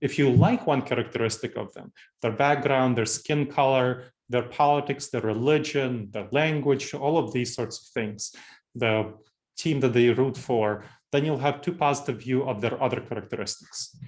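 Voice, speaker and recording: A man in his forties with an Eastern European accent, from Moldova, speaking as a keynote presenter on leadership. He talks conversationally, at a middle pitch, and often repeats a phrase to stress it. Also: normal speed, a little mellow. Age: 40s.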